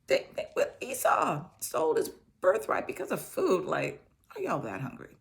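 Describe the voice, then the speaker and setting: Lively woman with a low gravelly voice. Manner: animated and chatty, acts out characters in quick asides. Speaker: host sharing a personal testimony. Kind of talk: casual Bible storytelling and encouragement.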